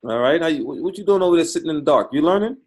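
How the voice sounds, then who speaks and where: A man with a husky, slightly breathy voice runs a live trading call. He jokes and encourages callers in a folksy, easygoing way. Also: on the high side, animated, rapid-fire, darkish tone. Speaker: trading coach hosting a call.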